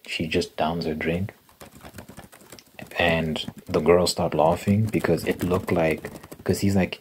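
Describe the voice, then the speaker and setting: Young dude, super deep soft asmr voice, rambling casual story, typing clicks loud in the back. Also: male voice, little pitch movement, takes it slowly, slight background noise. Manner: casual, rambling gossip with fillers and laughs. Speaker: ASMR creator. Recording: keyboard clicking and typing sounds behind.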